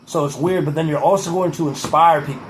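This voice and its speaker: A man's voice: a little high, fast talker, noisy background, lightly acted. A man doing a comedic impression of a boastful older male public figure, giving a rambling, profane pep talk with a hint of a Boston accent.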